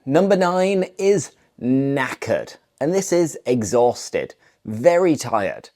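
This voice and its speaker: A British woman teaching English slang at an easy, unhurried pace. Her voice sits low and mellow. She explains each word playfully, with a lively rise and fall as she models the phrases. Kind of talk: scripted language lesson to camera.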